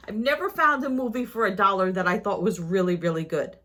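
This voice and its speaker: A woman's voice: medium pitch, moderate pace, bright, forceful tone. A woman vlogger chatting casually to her viewers about her shopping haul, rambling with asides and questions to them.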